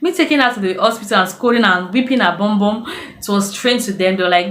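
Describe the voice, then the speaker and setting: A woman's voice: medium pitch, a little fast, a bit bright, a little hiss or hum. Chatty Nigerian woman in echoey room. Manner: chatty storytelling, acts out quoted voices. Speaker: vlogger. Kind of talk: casual advice vlog.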